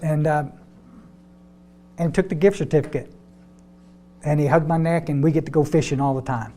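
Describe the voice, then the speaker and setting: A man's voice: on the high side, normal speed, warm tone. An older man speaking to a recovery group, folksy and repeating words as he tells his story. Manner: folksy, repeats words, addresses audience as y'all. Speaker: AA step study speaker.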